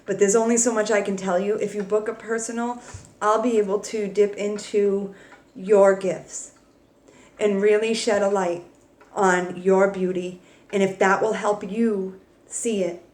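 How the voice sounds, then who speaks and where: Tarot reader, female, frank pep-talk delivery with a few swear words, heartfelt, middle pitch, roomy echo. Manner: emotional, warm and affectionate toward viewers. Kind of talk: casual tarot reading to camera.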